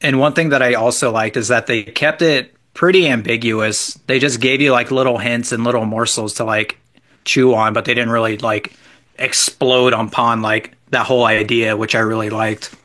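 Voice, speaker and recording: A man's voice: medium pitch, steady tone, normal speed, sharp tone. A man casually chatting as a podcast co-host, giving an easygoing, enthusiastic movie review. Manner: easygoing, enthusiastic reviewer with loose filler words. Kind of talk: casual chat.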